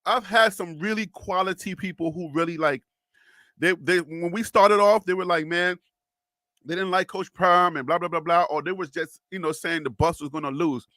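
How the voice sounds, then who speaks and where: A high-pitched man hosts a casual live sports stream with a bright, forceful edge to his voice. He talks straight to the chat in a lively way, laughing often and repeating himself. The sound is close and dry. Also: moderate pace, no room sound. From North Carolina, US South.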